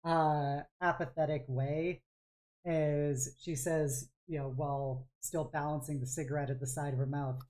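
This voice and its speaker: A woman's voice: sits low, fairly even intonation, unhurried, dark tone. A woman game master narrating a tabletop game, describing scenes in a rambling way full of fillers.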